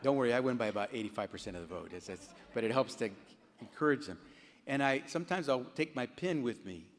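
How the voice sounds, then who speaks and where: Animated middle-aged man speaking in a hall. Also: mid-range voice, fast talker. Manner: animated storyteller, voice jumping up and down when quoting others. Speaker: congressman giving an award speech. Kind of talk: storytelling speech at a gala. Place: large banquet hall. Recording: long hall reverb.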